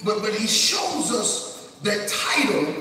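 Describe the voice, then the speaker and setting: High-voiced preacher in echoing church. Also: male voice, very animated, background noise. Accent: Southern US. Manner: emphatic preaching with shouted peaks and slow stretched phrases. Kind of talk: sermon. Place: large church sanctuary. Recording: echoey church audio from a distant mic. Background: congregation responding.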